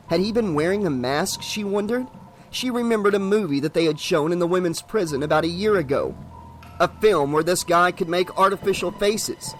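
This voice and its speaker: A man narrating a horror novel as an audiobook, steady and dramatic. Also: high-pitched.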